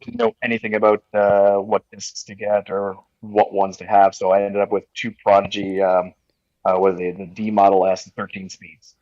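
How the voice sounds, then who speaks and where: Low-voiced man from Nova Scotia, halting. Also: little pitch movement, darkish tone, no room sound, muffled recording. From Nova Scotia, Canada. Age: 40s. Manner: easygoing, halting, many fillers and restarts. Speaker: podcast guest. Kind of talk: casual interview.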